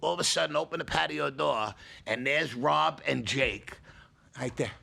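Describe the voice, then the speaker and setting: A man's voice: a little high, moderate pace, vocal fry, pushed and bright. A middle-aged man, a father co-hosting a podcast, telling rambling, profane stories in casual chat.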